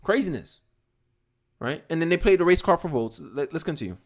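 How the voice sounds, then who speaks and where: Fired-up young man reacting on a livestream. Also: on the high side. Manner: animated, fast asides, repeats words when excited. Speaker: livestream commentator. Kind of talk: casual political commentary.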